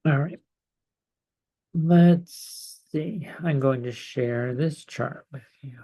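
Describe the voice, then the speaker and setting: This is a man talking through astrology charts on a casual live stream. He speaks very slowly, pausing often and filling gaps with ums. His voice is mellow and dark with a gravelly fry underneath. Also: medium pitch. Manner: slow, hesitant, many pauses and fillers. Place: home in California.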